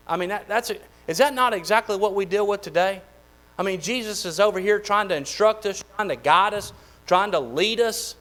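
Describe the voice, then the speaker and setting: A man's voice: sits high, a little fast, poor audio. Folksy preacher man, slight hum. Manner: folksy, animated preaching with repeated phrases. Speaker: pastor. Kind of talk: sermon.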